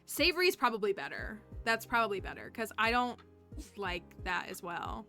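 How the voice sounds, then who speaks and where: A woman's voice: medium pitch, big pitch swings, normal speed, pushed and bright, faint music behind. A woman streamer in casual, rambling chat while she plays a game, talking with fillers and laughing often. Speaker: livestreamer.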